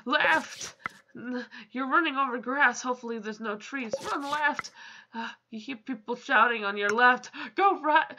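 High-voiced woman reading game text aloud. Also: sharp tone, dull audio, slight background noise. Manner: reads on-screen text aloud and mixes in swearing and exasperated asides. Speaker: gamer playing on video. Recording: game music under the voice.

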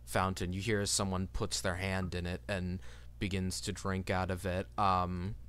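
A man narrating a tabletop game as game master, with lively delivery and frequent fillers. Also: low voice, normal speed, smooth.

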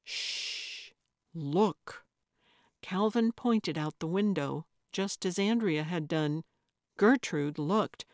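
Woman reading an audiobook, slow and calm, low voice, dry close sound. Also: dry recording. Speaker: audiobook narrator. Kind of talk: scripted narration.

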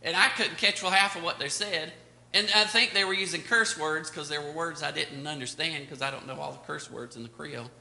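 A man's voice: a little high, fairly quick, vocal fry, bright, forceful tone. An older man, a pastor, teaching a Sunday school Bible lesson in a rambling, storytelling way full of fillers. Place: church classroom. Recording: echoey room.

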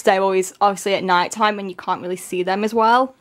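A woman gushing excitedly through a casual unboxing, her voice strained and giving out. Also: mid-range voice, a little fast, few pauses. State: voice giving out, coughing. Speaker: K-pop album unboxer.

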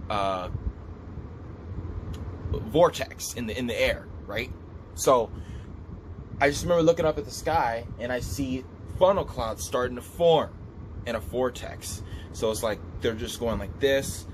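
A man telling a vivid dream story in a casual, animated way, repeating himself as he describes what he saw. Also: medium pitch, background noise. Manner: animated, repetitive, gestures while describing. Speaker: vlogger recounting a dream.

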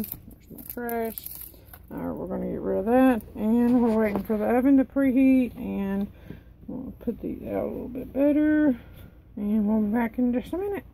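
A worn-out woman losing her voice rambles chattily through a cook-along in her home kitchen, reading package instructions aloud for her vlog. Her voice is on the high side, gravelly and dark-toned, and the poor audio carries a little hiss or hum.

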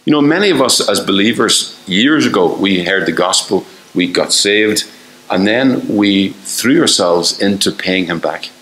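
An older man preaches in a low voice, firing off rhetorical questions and slipping into the voices he quotes. The sound rings around an echoey church hall. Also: expressive, unhurried, fairly bright tone. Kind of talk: sermon.

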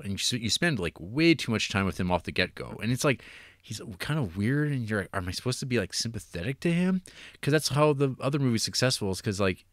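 A man co-hosting a casual film review podcast, animated, swearing and acting out scenes. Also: medium pitch, no echo, studio quality. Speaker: podcast co-host.

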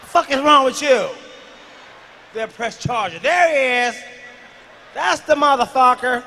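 A man doing a profane stand-up routine, dropping from mumbled asides to shouted punchlines, in a large live venue. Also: very high voice, slow pace. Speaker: stand-up comedian. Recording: long hall reverb, faint noise.

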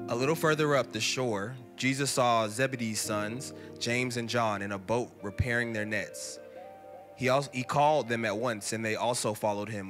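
Man, scripture reading, measured and unhurried, soft guitar behind, church auditorium. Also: medium pitch. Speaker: connect group leader reading scripture.

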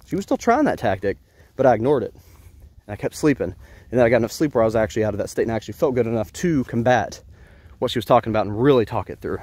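Man, mid-pitched voice, earnest, rambling personal story, frequent restarts. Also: expressive, quick pace, darkish tone, breathy edge, dry recording. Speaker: vlogger.

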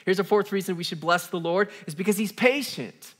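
A man pastor preaching a live church sermon to a congregation, energetic and repeating key lines for emphasis. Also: high voice, moderate pace, few pauses.

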